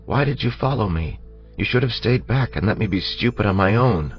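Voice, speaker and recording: A man's voice: fairly low pitch, lively intonation, brisk, muffled recording, faint music behind, voice pushed up, close to an everyday voice. A man voicing an earnest young woman. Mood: anxious. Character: young woman thief, fierce but earnest.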